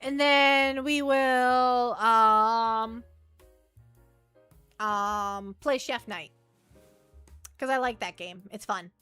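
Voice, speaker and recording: A woman's voice: a little high, drawn-out words, pauses often, sharp tone, clear, resonant tone, dry recording, faint music behind. A woman streaming as a VTuber, chatting casually with her viewers and reading the chat aloud, often trailing off and restarting.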